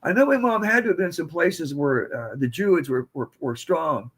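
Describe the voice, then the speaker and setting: At a normal speed and with a fairly high, bright voice that has a breathy edge, a man from the United States in his seventies animatedly spins wandering stories as a podcast guest. His storytelling is casual and full of digressions.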